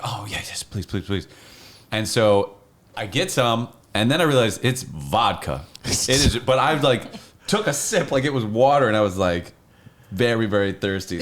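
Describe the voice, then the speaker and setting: A man hosting a casual chat, relaxed and easy, asking questions and telling his own story. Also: lowish voice.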